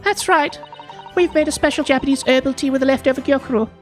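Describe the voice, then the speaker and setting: A woman's voice: high-pitched, fast talker, faint music behind, pitched above the performer's own voice, lightly acted. A woman voicing a sweet, cheerful young girl in a game dub, speaking politely and eagerly.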